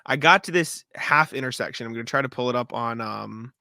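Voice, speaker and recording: A young man co-hosting a casual sports podcast, telling stories in an animated way, swearing freely and laughing often. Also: mid-range voice, fairly quick, vocal fry, dry recording. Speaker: podcast co-host.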